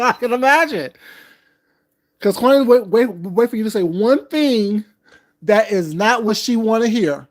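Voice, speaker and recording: A man's voice: sits high, expressive, unhurried. Man, sassy livestream commentator, drawls, calls everyone baby.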